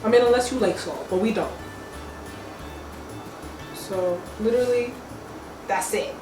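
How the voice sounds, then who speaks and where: A woman's voice: a little high, unhurried. A young woman cooking at home and chatting playfully to her viewers in a casual, slangy way. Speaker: cooking vlogger. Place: home kitchen. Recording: echoey kitchen, mic at a distance. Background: music playing.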